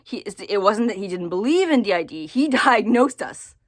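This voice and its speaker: A woman talking casually to camera in a personal vlog, halting and repeating her words as she thinks aloud. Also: medium pitch, lively intonation, no room sound, studio quality. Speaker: vlogger.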